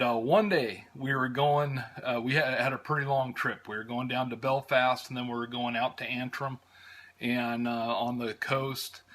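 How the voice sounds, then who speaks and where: An American man recounts his travels in a loose, rambling storytelling style. He pauses often with "uh" and restarts his sentences, his voice sitting in an ordinary middle pitch. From United States. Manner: rambling, many "uh"s and restarts, warm fondness. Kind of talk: casual storytelling.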